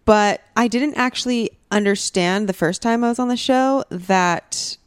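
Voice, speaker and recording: A woman's voice: medium pitch, unhurried, smooth, dry recording, clean studio sound. A woman guesting on a podcast, talking tentatively and rambling with many fillers. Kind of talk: casual podcast chat.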